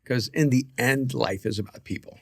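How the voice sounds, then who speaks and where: Gravelly-voiced man giving earnest advice. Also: mid-range voice, no echo, clean studio sound. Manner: earnest, preachy advice with halting restarts. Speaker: podcast co-host. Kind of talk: reflective podcast conversation.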